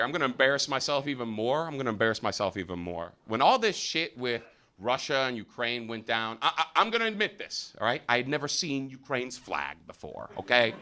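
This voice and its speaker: A man with an American accent doing live stand-up, loud and profane, with a lot of filler uhs. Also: mid-range voice. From United States. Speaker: stand-up comedian. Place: comedy theater stage.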